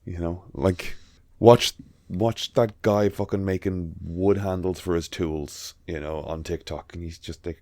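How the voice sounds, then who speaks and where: Irish male podcast co-host, low-ish register, dry close recording, rambling and profane. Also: fairly even intonation, unhurried, hardly any pauses, dark tone, no echo. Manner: rambling, swears casually, frequent restarts. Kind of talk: casual chat.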